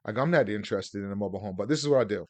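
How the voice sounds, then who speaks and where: A man's voice: on the low side, rapid-fire, a little mellow, no echo. A man teaching real estate deals on a video call, rambling through stories with plenty of filler words. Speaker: real estate investor teaching seller financing. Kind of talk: casual webinar talk.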